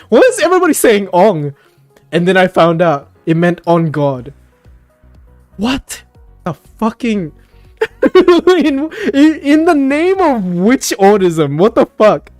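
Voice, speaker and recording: A man's voice: high-pitched, no room sound. A man hosting a casual voice chat, ranting with plenty of swearing and laughter.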